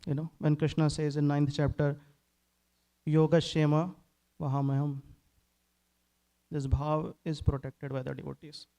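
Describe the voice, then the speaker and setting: Male scripture class speaker, storytelling delivery, gravelly voice with a dark tone. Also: fairly high pitch, flat delivery, normal speed, few pauses, low-quality recording. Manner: storytelling, laughs between lines.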